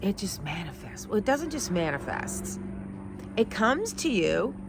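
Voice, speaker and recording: Over some background noise, a mid-range female voice belongs to a middle-aged life coach telling her own story. The telling is emotional and sincere, occasionally tearful.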